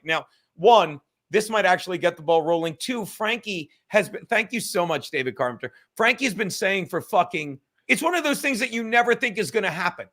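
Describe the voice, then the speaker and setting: A man's voice: high voice, expressive, brisk, few pauses, a bit bright. A man hosting a livestream, profane, rambling and fired-up. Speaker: livestream host. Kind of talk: livestream chat.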